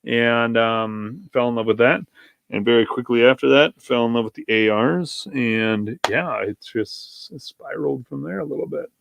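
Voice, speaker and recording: A man's voice: medium pitch, moderate pace, vocal fry, fairly bright tone, dry recording. A man, a pastor and podcast guest, telling a story in a casual, rambling way, often correcting himself and wandering off on tangents.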